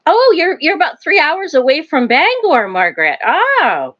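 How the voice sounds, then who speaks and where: A woman's voice: high-pitched, sing-song, normal speed, a bit bright, highs cut off. An older woman hosting a casual live stream from home, chatting in a rambling way and laughing often. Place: home, near a wood stove.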